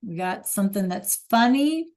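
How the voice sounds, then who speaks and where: A woman's voice: medium pitch, lively intonation, moderate pace, darkish tone. A woman teaching a beginner Spanish class, praising students by name and checking that they follow along. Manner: encouraging, repeats praise and checks understanding.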